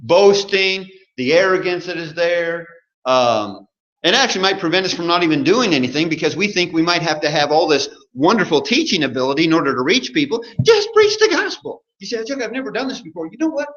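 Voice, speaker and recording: A man's voice: a little high, very animated, brisk, fairly bright tone. A man preaching an interactive sermon from a church pulpit, asking the congregation questions and joking along the way. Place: church sanctuary. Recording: roomy muffled church recording.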